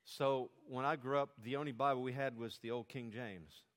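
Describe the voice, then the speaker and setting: A man's voice: mid-range voice, steady tone, moderate pace, in a large hall. Older male pastor preaching a sermon. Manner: calls children to repeat sermon points.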